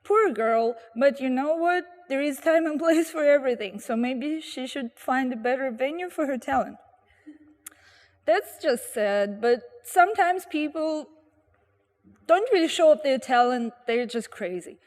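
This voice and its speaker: A woman tells lively anecdotes outdoors by a street corner, slipping into the voices of the people in her stories. Her voice sits high, and a long reverb trails behind it. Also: a little slow. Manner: animated, acts out quoted voices. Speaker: storyteller guest. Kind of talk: anecdotal storytelling.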